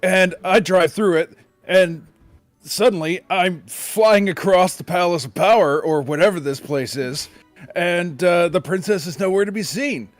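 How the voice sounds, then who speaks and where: A man's voice: high voice, unhurried, no echo, soft background music. A man playing a tabletop game, telling his character's story in first person in a laid-back way. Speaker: player.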